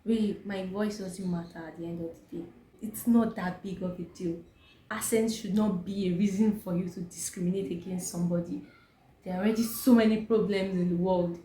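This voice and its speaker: A woman's voice: lowish voice, steady tone, a little fast, dark tone, a little hiss or hum. A young Nigerian woman with a Nigerian accent, talking emphatically to camera in her vlog and asking rhetorical questions. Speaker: vlogger. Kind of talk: opinionated talk to camera. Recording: echoey room, faint ambience.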